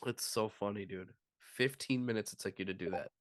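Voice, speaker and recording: A man's voice: fairly low pitch, brisk, no echo, clean studio sound. A man co-hosting a comedy podcast, from Chicago, chatting casually and joking around in silly put-on accents. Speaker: podcast co-host.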